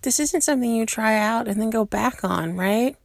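A woman's voice: fairly high pitch, moderate pace, vocal fry, dry recording, studio quality, voice pushed up. A woman voicing a brash, eager young woman hero who talks in an earnest, keyed-up rush.

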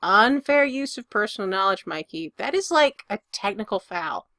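A woman's voice: medium pitch, expressive, normal speed, pushed and bright, no echo, studio quality. A woman voicing a weary young single father who talks anxiously and defensively. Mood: worried.

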